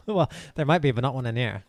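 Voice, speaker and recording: A man's voice: mid-range voice, sing-song, normal speed. A man narrating as game master, casual and hesitant, often laughing.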